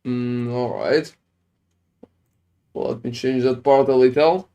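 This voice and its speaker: A man's voice: mid-range voice, fairly even intonation, takes it slowly, dark tone. A man streaming a game, chatting casually with viewers while reviewing their builds, with phrasing and frequent swearing. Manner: casual, swears often, non-native phrasing.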